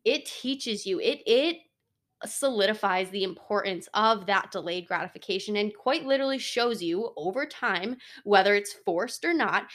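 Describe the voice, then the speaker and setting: A woman's voice: medium pitch, a bit bright. A woman in her twenties talking through a solo podcast episode in a casual, earnest way, with lots of "like" and "you know". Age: 20s. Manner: earnest, chatty, heavy on fillers like "like" and "you know". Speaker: podcast host.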